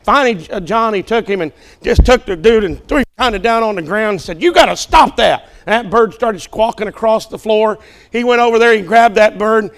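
A man's voice: sits high, fairly quick, fairly bright tone. A male preacher at a church service who tells a joke from the pulpit and calls out to the congregation in a folksy, joking way. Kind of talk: sermon with a told joke.

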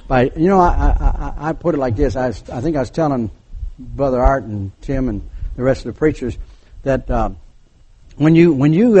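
Older guy preaching, kinda high voice, acts out the people in his story, gets real quiet and low on the serious parts. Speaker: pastor. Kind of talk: sermon.

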